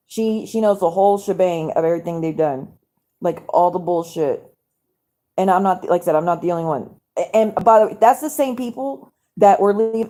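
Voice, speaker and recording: A woman on a nighttime live stream from home is angry, cursing and rambling through one gripe after another. She speaks casually and directly to her viewers in a dark, mellow voice of medium pitch.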